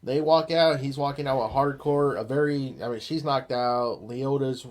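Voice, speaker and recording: A man's voice: medium pitch, steady tone, normal speed, a little mellow. A man co-hosting a podcast, recapping scenes eagerly in casual chat, leaning on "you know" and "I was like.". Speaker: podcast co-host.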